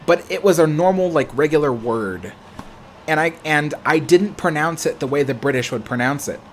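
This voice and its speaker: A man's voice: a little high, lively intonation, normal speed, a little hiss or hum. An American man hosting a livestream, chatting casually and answering viewer comments in a rambling, self-correcting way. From United States. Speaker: livestream host.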